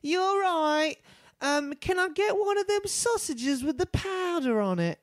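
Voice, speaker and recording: A man voicing a chirpy, lazy woman tourist ordering food, in a high drawling voice. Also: animated, a little slow, no room sound, studio quality. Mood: breezy.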